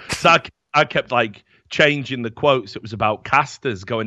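A man's voice: medium pitch, lively intonation, moderate pace, few pauses, bright, forceful tone, no room sound. A young man telling rambling, profane stories in a casual chat as podcast host. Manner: rambling, profane storytelling with many fillers. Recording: dull, dry lo-fi mic.

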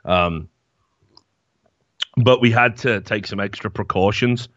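A man's voice: fairly low pitch, takes it slowly, a bit bright, dry recording. A man hosting a podcast, telling rambling stories in casual chat, full of fillers and swearing. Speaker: podcast host. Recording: slightly dull, dry mic sound.

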